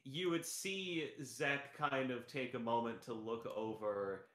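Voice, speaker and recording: A man's voice: medium pitch, slow, a bit bright. Man, tabletop player, casual rambling chat, echoey room. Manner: rambling, lots of fillers, laughs often.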